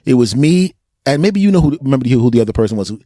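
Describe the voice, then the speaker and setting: American guy hosting a podcast, tells stories loud and lively, acts out the voices, dry close mic. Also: medium pitch, fast, no room sound. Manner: animated storyteller, acts out quotes, laughs often. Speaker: podcast host. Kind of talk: casual storytelling chat.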